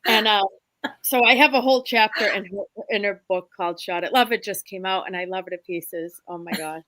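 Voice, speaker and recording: This woman speaks as a spirit medium guest on a talk show. Her storytelling is animated, and she jumps into other people's voices mid-story. The recording is dry and close. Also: mid-range voice, fairly quick, no echo. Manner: expressive, acts out quoted voices, laughs often. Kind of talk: animated storytelling in a casual interview.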